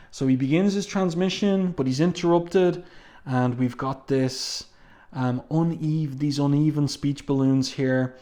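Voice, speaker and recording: A man's voice: mid-range voice, a little slow, dark tone. A man reviewing an old comic book, reading its captions and speech balloons aloud and adding his own comments between them, with frequent ums. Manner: reads captions plainly, with frequent ums and asides.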